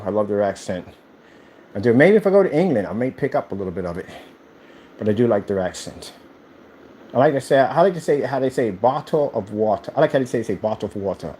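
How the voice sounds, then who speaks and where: A man's voice: medium pitch, animated, fast, dark tone, slight background noise. A man who owns a screen paint company, ranting casually on a livestream and firing off rhetorical questions.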